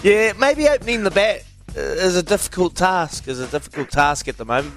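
A New Zealand man runs a radio quiz with callers, joking and laughing as he goes. His voice sits a little high and swings widely in pitch. A soft music bed plays under the studio talk. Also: expressive, moderate pace. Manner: joking, laughs often, calls callers mate and brother. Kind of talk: casual radio banter.

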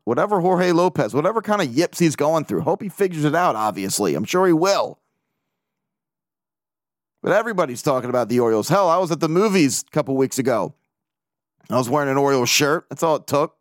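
A man's voice: fairly high pitch, expressive, fairly quick, no echo, studio quality. A man hosting a casual solo podcast, rambling and joking, swearing freely as he talks. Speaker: podcast host.

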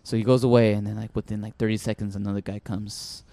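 A man's voice: lowish voice, flat delivery, quick pace, mellow. A young man co-hosting a podcast, telling a long story in casual chat, swearing often and restarting sentences. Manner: profane, rambling, lots of fillers and restarts. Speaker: podcast co-host.

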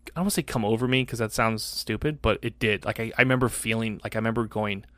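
A man in his forties, a podcast co-host telling a story in casual chat, animated, swearing freely and acting out voices. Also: fairly low pitch, quick pace, no room sound.

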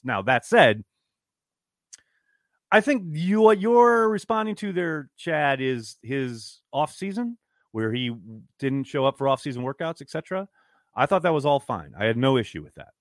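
A man's voice: mid-range voice, fairly bright tone, no echo. Podcast guy chatting w fans, blunt and fed up, voice jumps all over, super dry close sound. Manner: frank, downbeat and exasperated, swearing freely. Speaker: podcast host reading fan comments. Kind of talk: casual live-stream chat.

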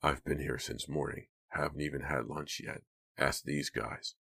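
A man voicing a young security guard in an audiobook, speaking in a dry, offhand, quiet way. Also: rumbling low, steady tone, moderate pace, vocal fry, breathy edge, full character voice.

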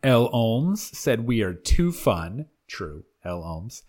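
A man's voice: mid-range voice, very animated, takes it slowly, a little mellow. A man co-hosting a podcast in casual banter, joking, laughing often and reading listener reviews aloud. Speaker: podcast co-host.

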